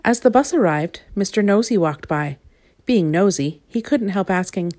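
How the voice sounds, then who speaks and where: A woman reading a children's picture book aloud with expressive, playful asides to the listener. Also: mid-range voice, moderate pace. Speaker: storybook reader.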